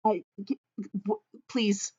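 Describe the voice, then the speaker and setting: A woman's voice: mid-range voice, slow, mellow, breathy edge, lo-fi sound. Woman playing a stammering, frantic little sheep toon. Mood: panicked. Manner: stammering, anxious, breaking off mid-word.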